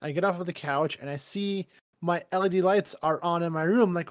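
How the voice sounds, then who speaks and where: High-voiced man on a dry mic. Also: a little fast, no room sound. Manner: excitable, swears, laughs while talking. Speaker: podcast co-host. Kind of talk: casual chat.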